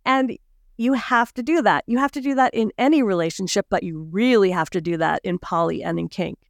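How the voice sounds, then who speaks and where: A woman's voice: medium pitch, fairly quick, gravelly, dry recording, studio quality. A woman guest on a podcast, speaking confidently and emphatically, giving advice. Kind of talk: casual podcast conversation.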